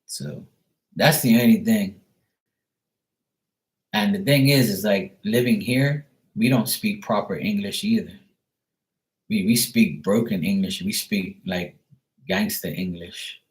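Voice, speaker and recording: A Bermudian man with a low-set voice talks loosely on a live stream. He rambles through his thoughts, leaning on "like" and dropping casual swears. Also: takes it slowly, long pauses, low-quality recording. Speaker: tarot reader, live streamer.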